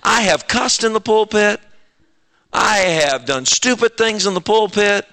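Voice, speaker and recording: Male pastor, high and sharply bright voice, animated preaching with shouted bursts. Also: a little slow. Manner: animated, self-mocking storytelling with sudden shouts. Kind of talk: sermon.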